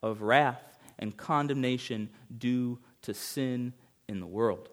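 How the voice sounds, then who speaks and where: A man preaching a sermon as pastor, emphatic, swinging between urgent rises and hushed passages. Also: mid-range voice, slow.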